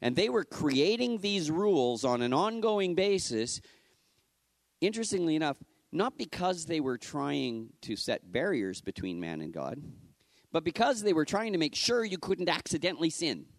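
A man preaches in a relaxed, conversational way, his pitch rising and falling freely. He talks like he is chatting with the congregation. The sound is dry, with no room echo. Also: moderate pace. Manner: animated, casual, acts out the scripture quotes. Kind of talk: conversational sermon.

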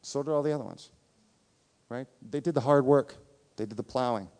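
A man's voice: mid-range voice, brisk, darkish tone. A man preaching a sermon as a pastor, earnest and emphatic, repeating his points for weight. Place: church sanctuary. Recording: reverberant church hall.

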